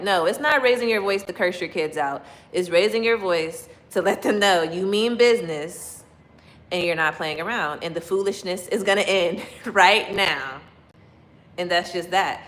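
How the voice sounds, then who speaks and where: A woman with a slightly low voice chats casually with her viewers from her kitchen. She laughs often and acts out little quotes as she goes, lively and chatty. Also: poor audio. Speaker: livestream host chatting with viewers. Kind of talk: casual chat.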